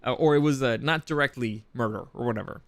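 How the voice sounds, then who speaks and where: A man hosting a podcast talks in a loose, rambling monologue, tripping over restarts and dropping the occasional curse. His voice sits at an ordinary middle pitch. The sound is dry and close, with no room echo. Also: fast, gravelly. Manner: rambling with frequent restarts and profanity. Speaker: podcast host. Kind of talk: casual commentary monologue.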